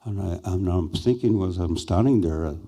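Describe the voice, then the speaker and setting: An older man slowly and haltingly recounting a personal experience as a speaker at a conference. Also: low voice, warm tone, breathy edge. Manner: slow, halting, reflective. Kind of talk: personal storytelling.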